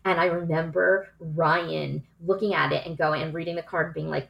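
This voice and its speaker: A woman in her forties with a fairly low voice, talking as an actress and producer in a casual podcast conversation. She tells stories in a chatty, animated way and gets emotional along the way. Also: normal speed, vocal fry.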